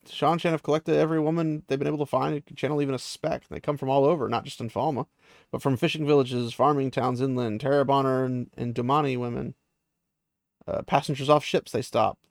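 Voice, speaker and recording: A man's voice: mid-range voice, steady tone, fairly quick, vocal fry, no room sound, lightly acted. A man paraphrasing the lines of a grim, resigned young captive woman, in a voice close to his own.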